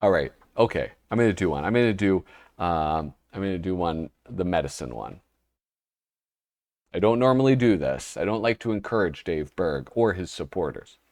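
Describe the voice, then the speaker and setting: A man's voice: deep voice, animated, normal speed, darkish tone, no room sound. A man hosting a casual show, flipping through an old humor magazine and reading the panels aloud with a wry, rambling manner. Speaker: host.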